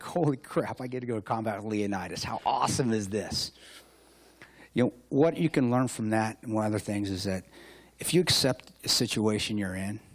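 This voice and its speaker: A man's voice: on the low side, slightly rough, no echo. A man giving a motivational keynote at a hotel luncheon, telling war stories in a joking, self-mocking way with punchy repeated phrases. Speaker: keynote speaker.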